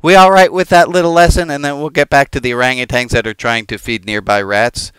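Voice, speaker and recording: A man's voice: medium pitch, fairly even intonation, brisk, fairly bright tone, clear, resonant tone, no echo. A man who is a rabbi gives an informal teaching sermon, talking conversationally with the congregation, wandering off on tangents and making jokes. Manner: conversational, digressive and joking, addressing the congregation.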